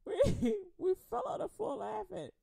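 Slow, warm-voiced woman preacher. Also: very high-pitched, lively intonation, creaky, no echo. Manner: chatty, laughs often, acts out quoted voices; reads scripture slowly and deliberately. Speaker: radio preacher. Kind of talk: casual sermon.

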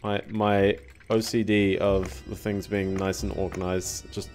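A man's voice: sits low, level tone, a little slow, a little mellow, faint music behind. A young man giving casual, rambling gameplay commentary as a streamer. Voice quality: rambling, self-deprecating.

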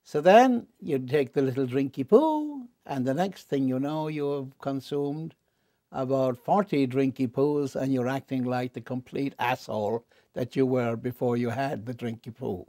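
A man in a candid interview, a wry and animated storyteller who jumps up in pitch for punchlines and drops low and quiet on serious confessions. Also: measured pace, no echo, clean studio sound. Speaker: interview guest.

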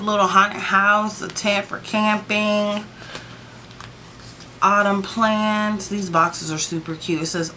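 A woman with a lowish, bright, forceful voice gushes through a sticker book flip-through. She talks straight to her viewers and throws in sassy, playful asides. A faint hiss sits under her voice. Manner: chatty and gushing, keeps addressing the viewers. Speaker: planner sticker vlogger.

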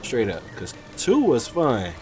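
A man's voice: mid-range voice, slow pace, noisy background. A man giving casual let's play commentary on a horror game, cursing and yelping whenever something startles him. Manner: excitable, yelps and curses when startled. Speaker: gaming streamer. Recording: loud music under the voice.

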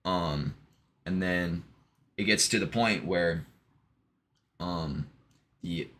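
Deep-voiced man rambling casually. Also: very slow, a bit bright. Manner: meandering, full of ums and restarts, swears casually. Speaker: vlogger. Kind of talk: casual rambling monologue retelling a joke.

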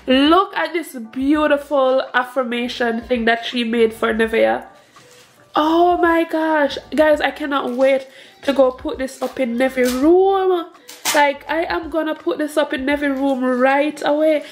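A young woman with a high voice talks through an unboxing in a casual vlog. She gushes, sounds emotional and breaks into laughter easily. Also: a little slow. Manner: gushing, emotional, laughs often. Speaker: family vlogger, mother.

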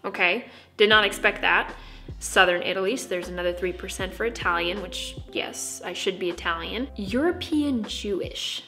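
A woman's voice: medium pitch, normal speed, bright, forceful tone, soft background music. A young American woman talking to camera in a casual vlog, bubbly and playfully dramatic. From United States. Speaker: vlogger.

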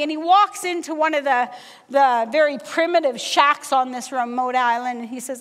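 A middle-aged woman preaching a sermon, telling a personal story with lively acted-out dialogue. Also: sits high, normal speed. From Canada. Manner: animated storyteller, acts out dialogue. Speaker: guest preacher. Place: church sanctuary. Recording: long church reverb.

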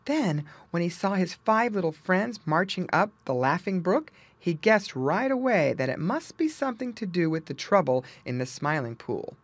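A woman reading a children's storybook aloud as audiobook narrator, with lively storytelling. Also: on the low side, normal speed, hardly any pauses, no room sound. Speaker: audiobook reader.

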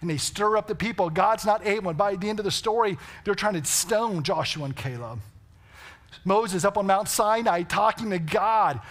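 A man's voice: high voice, normal speed, fairly bright tone. A man preaching a sermon, telling stories and asking the congregation rhetorical questions. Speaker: pastor. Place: church sanctuary.

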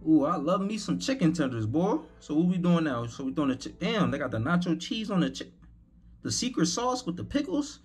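A man's voice: fairly high pitch, sing-song, brisk, soft background music. A young man giving rambling, profane, incredulous commentary while hosting a reaction video.

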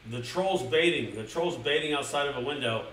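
A man's voice: a little high, moderate pace, a bit bright, far from the mic, a little hiss or hum. Crude, rambling man streamer reading a storybook. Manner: crude, rambling, swears a lot, mixes gamer slang into the story. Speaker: streamer reading a picture book. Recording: roomy echo, speaker drifting from mic.

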